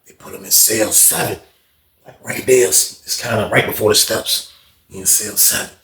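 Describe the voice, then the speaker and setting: A man telling a casual storytime tale, in an animated, slangy and profane way, acting out other people. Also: lowish voice, moderate pace, reverberant.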